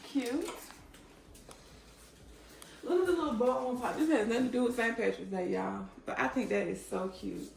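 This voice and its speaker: A woman's voice: on the high side, moderate pace, gravelly, long pauses, a little hiss or hum. A woman giving a casual, chatty home decor tour, pointing out items as she walks from room to room. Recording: echoey room.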